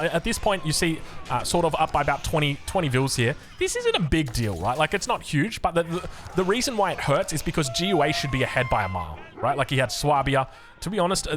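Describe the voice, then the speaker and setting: A young Australian man commentates a strategy game with eager, chatty energy. His voice sits a bit high and leaps around in pitch as he breaks down the play and drifts into rambling side remarks. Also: a bit bright. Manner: enthusiastic, chatty, rambling asides. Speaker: game caster. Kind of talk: esports commentary.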